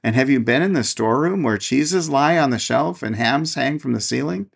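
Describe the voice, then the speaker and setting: A man's voice: mid-range voice, animated, normal speed, gravelly, husky, voice pushed up. A man voicing curious little mice in a storybook reading, asking eager questions.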